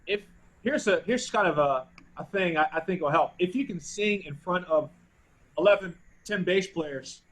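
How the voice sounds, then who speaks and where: A man teaching a group bass class over a video call, thoughtful and often restarting phrases while he searches for words. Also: normal speed, fairly bright tone, rough recording.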